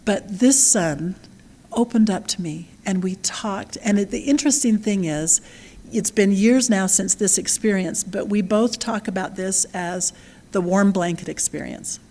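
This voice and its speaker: A middle-aged woman talks warmly and earnestly to parents. She tells her own stories in a conversational voice at an ordinary pitch, pausing on fillers and asking "right?" to keep listeners with her. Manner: earnest, storytelling, with frequent "right?" and "um". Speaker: parenting speaker. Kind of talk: conversational talk.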